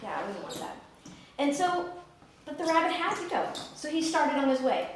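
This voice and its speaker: Deliver as a woman telling a children's story at church and drawing the children in with questions. Keep the voice high and let it sound distant, with a large sanctuary echoing around it. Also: normal speed, a little hiss or hum. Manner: animated, coaxing questions to children. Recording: echoey sanctuary from far off.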